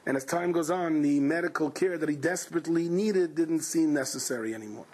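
Male rabbi, Torah class; high husky voice, dramatic storyteller who performs his quotes. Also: brisk, a little mellow.

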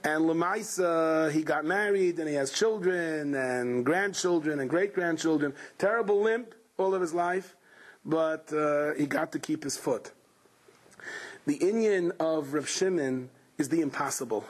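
Male preacher, husky, high, animated, storytelling sermon. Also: unhurried. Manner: animated, rousing, Yiddish-laced.

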